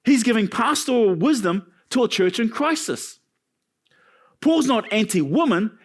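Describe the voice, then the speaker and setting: An animated male pastor preaching a sermon in a church. His voice sits high for a man and swings widely in pitch. He breaks off into jokes and asides between his points. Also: measured pace.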